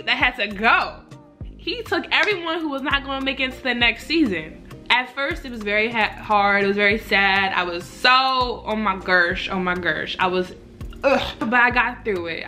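A young woman speaks in a casual home vlog, emotional and gushing, and she often circles back over her own words. Her voice sits at a middling pitch with a bright, forward edge. Faint music plays behind her. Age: young adult. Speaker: vlogger. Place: indoors at home by a window.

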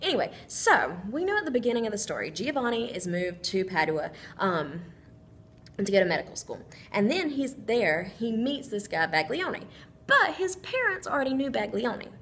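A woman's voice: mid-range voice, a bit bright, a little hiss or hum. A woman teacher giving a recorded literature lesson, thinking aloud with frequent ums as she works through a story.

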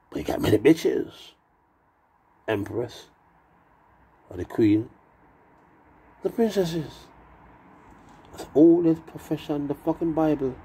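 A man's voice: fairly low pitch, warm tone, slightly rough. A man who has been drinking, rambling through a profane, meandering monologue full of wordplay. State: tipsy from drinking.

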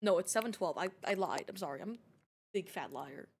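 A woman's voice: on the low side, expressive, fairly quick, gravelly, slightly rough. A young woman streaming a game, chatting to her viewers in a giggly, teasing, playful way. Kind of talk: casual gaming live-stream chat.

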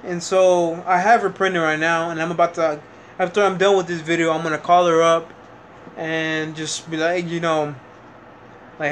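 A young man fresh out of high school, telling a rambling, frustrated story in a casual vlog, full of fillers and restarts. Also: little pitch movement, normal speed, a bit bright, slight background noise. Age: young adult. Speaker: vlogger.

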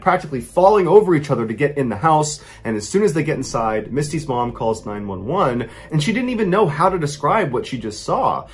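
A man narrating true scary stories as a host, building suspense and rising in pitch and loudness at the tense moments. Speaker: storyteller host. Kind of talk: dramatic true-story narration.

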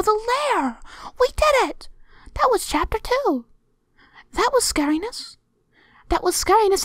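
In a dry recording, a woman with a very high voice hosts a let's play. She comments casually on the gameplay, reacting excitably and jumpily, with plenty of restarts and the odd soft whisper.

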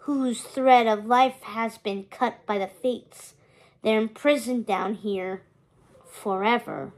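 A woman voicing a bored old skeleton ferryman of the underworld, in a deep, musty, rasping voice with slow, bland delivery. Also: fairly even intonation, a little mellow. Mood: solemn.

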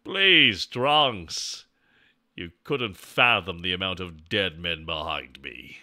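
A man voicing a menacing, boastful villain in slow, low-voiced threats. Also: animated, sharp tone, full character voice.

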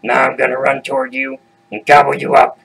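Brash, hungry storybook troll, slow and loud; a male narrator voices him. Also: mid-range voice, monotone, gravelly, breathy edge, exaggerated voice, poor audio. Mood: threatening.

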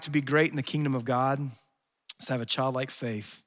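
A man preaching a sermon as pastor, in an earnest, conversational way that voices imagined speakers, then slowing into soft prayer. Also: medium pitch, steady tone. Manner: closes in soft, slow prayer. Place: church sanctuary. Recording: long hall reverb.

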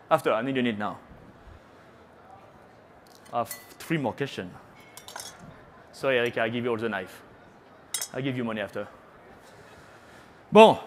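A man's voice: mid-range voice, slight background noise. A middle-aged man with a French accent, a chef giving a live cooking demonstration on a trade-show stage, chatty and playful, teasing the audience and dropping French words into his talk. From France.

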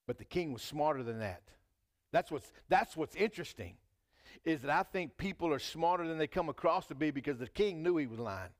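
A man's voice: on the high side, lively intonation, fairly quick. A man preaching a sermon in a church, talking casually and reading scripture aloud with rising emphasis. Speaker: pastor.

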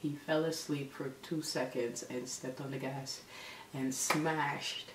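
A woman telling a story in a casual vlog, animated and exasperated. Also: extremely low pitch, slow pace. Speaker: vlogger. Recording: echoey room, mic at a distance, faint background noise.

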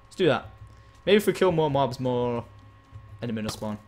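A man giving excitable live gameplay commentary as a game streamer, chatting with and thanking his viewers. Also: medium pitch, moderate pace, slight background noise.

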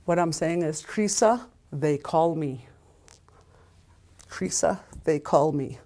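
Low-voiced older woman teaching haltingly. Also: mellow. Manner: halting, loses her place and restarts often; sounds out syllables slowly and repeats them. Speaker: language teacher. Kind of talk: informal language lesson.

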